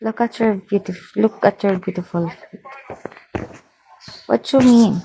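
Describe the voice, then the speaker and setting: A woman's voice: medium pitch, a little slow, creaky, warm tone, a little hiss or hum, rough recording. A young woman, casually chatting on a livestream and reading out viewers' names while she asks for support. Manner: mixes English with Filipino phrases. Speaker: livestream host.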